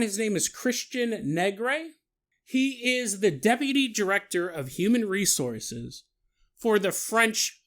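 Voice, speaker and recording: A male podcast host rambles through his story in a chatty, animated way, laughing between asides. His voice sits high for a man and rings bright and forceful. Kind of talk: casual storytelling monologue.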